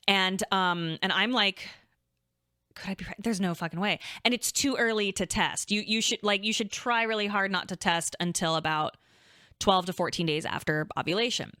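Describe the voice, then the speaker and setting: A young adult woman co-hosting a podcast, telling a story in casual chat, animated and chatty, swearing freely and acting out quotes. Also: medium pitch, clear, resonant tone, dry recording, studio quality. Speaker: podcast co-host.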